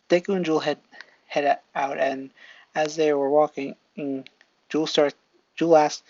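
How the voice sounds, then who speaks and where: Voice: medium pitch, little pitch movement, moderate pace, pauses often, a little mellow, no echo, lo-fi sound. A storyteller reading a fan story aloud casually, rambling and stopping to fix slips.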